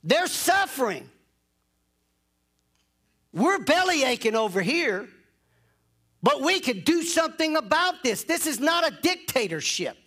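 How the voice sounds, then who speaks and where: A man's voice: very high voice, sing-song, a little slow, pauses often, bright, forceful tone. A man preaching a sermon in an emphatic, insistent way, repeating phrases to drive points home.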